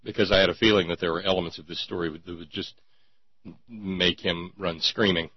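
A man's voice: low-pitched, fairly even intonation, a little fast, husky, no room sound. A man hosting a talk show, giving casual, wry and digressive commentary with a sarcastic edge. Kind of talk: casual radio-style commentary. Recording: dull lo-fi recording.

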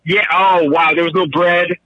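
A middle-aged man calling in, telling casual stories with animated, laughing delivery and quick jumps into a high voice for quoted lines. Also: dry recording, highs cut off. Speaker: caller. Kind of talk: casual storytelling.

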